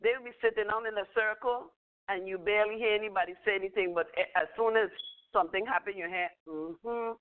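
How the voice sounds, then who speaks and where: A woman's voice: medium pitch, fairly even intonation, quick pace. Older woman, rambling storyteller with a chuckle; phone-quality audio. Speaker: spiritual teacher. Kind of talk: casual teaching talk. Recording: tinny phone-line audio.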